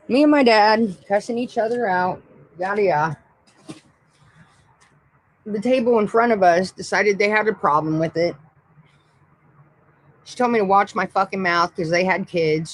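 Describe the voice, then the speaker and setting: A woman's voice: medium pitch, normal speed, long pauses, poor audio. A woman hosting a livestream, telling a rowdy personal story in a rambling, profane, blunt way. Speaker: livestream host. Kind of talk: casual storytelling.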